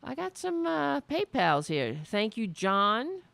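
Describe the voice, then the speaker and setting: A woman's voice: medium pitch, sing-song, slow, creaky. A woman hosting a political talk livestream, chatting casually with viewers, rambling and breaking off mid-sentence, thanking them effusively and swearing now and then. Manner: swearing, self-interrupting. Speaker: political talk show host.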